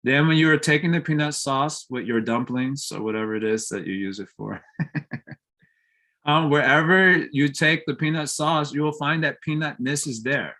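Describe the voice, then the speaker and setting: A man's voice: a little high, normal speed, pushed and bright. Casual, chuckling man teaching a class. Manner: explains with homely comparisons, often checks understanding with questions; laughs easily while telling stories. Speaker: teacher giving a morning scripture class. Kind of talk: scripture class. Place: temple.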